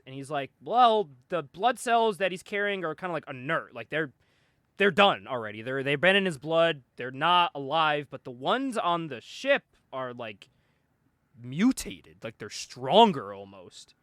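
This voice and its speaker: Animated young man recapping a comic. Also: fairly high pitch, measured pace, no echo, studio quality. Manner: animated retelling, acting out characters' lines with laughs. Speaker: podcast co-host. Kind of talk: casual comic book recap.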